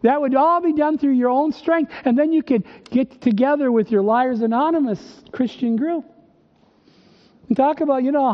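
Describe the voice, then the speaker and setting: A man preaching a sermon, emphatic and full of rhetorical questions, slowing down to stress quoted verses. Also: very high voice. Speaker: pastor. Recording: dull sound with long reverb.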